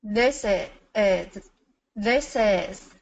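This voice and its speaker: A woman's voice: medium pitch, very slow, gravelly, poor audio. A woman who is not a native English speaker, practising pronunciation on a video call, careful and repeating phrases. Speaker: pronunciation student.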